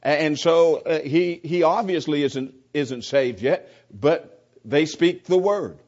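A man's voice: a little high, slow, a little mellow. A man teaching a Bible class without a script, earnest and stumbling over repeated words as he goes. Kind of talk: unscripted Bible class lesson. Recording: dull lo-fi class recording.

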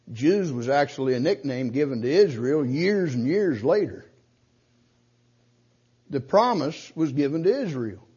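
A man preaching a sermon, slowing down and rising in force when he quotes scripture. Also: on the high side, darkish tone, slightly rough, lo-fi sound. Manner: emphatic preaching, slows and rises to quote scripture.

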